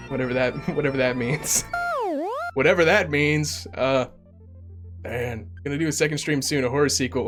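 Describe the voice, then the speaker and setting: A man's voice: mid-range voice, animated, measured pace, over music. A man in his twenties, tired and rambling in a casual chat as he winds down his livestream, stammering and often giggling. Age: 20s. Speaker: streamer.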